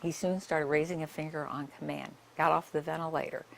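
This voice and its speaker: A woman's voice: low-pitched, steady tone, a little fast, creaky. An older woman, a nurse, giving a public talk and telling her stories in a conversational way with many asides.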